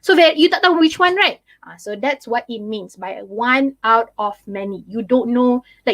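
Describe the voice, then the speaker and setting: A woman's voice: on the high side, a bit bright. A young woman with a Malaysian accent teaching an online English class. She switches between English and Malay and uses many fillers. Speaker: English tutor.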